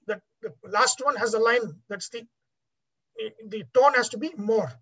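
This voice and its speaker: A woman's voice: a little high, unhurried, fairly bright tone, breathy edge, lo-fi sound. A woman teaching a class on Vedic chanting, explaining patiently with many fillers.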